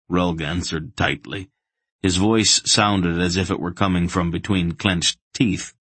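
A man narrating a fantasy audiobook in a measured, deliberate way. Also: low voice, steady tone, a bit bright, breathy edge, no room sound.

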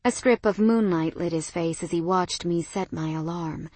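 A young adult woman narrating a first-person romance audiobook in a soft, intimate voice that often drops to a whisper. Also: on the low side, moderate pace, slightly rough, no echo.

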